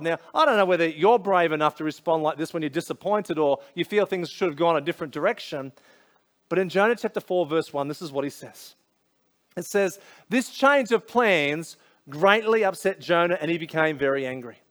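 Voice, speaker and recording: An Australian man with a fairly high voice delivers a sermon. He talks like he is telling a story to friends, with casual slang and lots of asides. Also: expressive, fairly quick, a bit bright. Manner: conversational, storytelling, many asides. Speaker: pastor.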